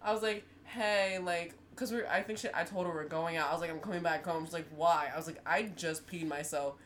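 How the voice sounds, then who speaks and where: On the podcast she co-hosts, a woman in her twenties tells stories fairly quickly in a voice on the low side. She's animated and laughs frequently during the casual chat, with slight background noise.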